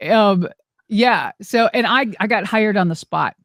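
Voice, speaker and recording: A middle-aged woman, a former wrestler and monster truck driver, telling stories in an animated, exclamatory way as an interview guest. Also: medium pitch, measured pace, no room sound, studio quality. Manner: animated, exclamatory, acts out quoted dialogue. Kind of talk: casual storytelling interview.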